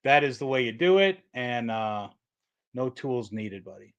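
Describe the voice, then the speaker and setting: A man's voice: mid-range voice, lively intonation, measured pace, clear, resonant tone, dull audio. A middle-aged man hosting a casual livestream, answering chat questions in a rambling way, repeating himself and restarting sentences.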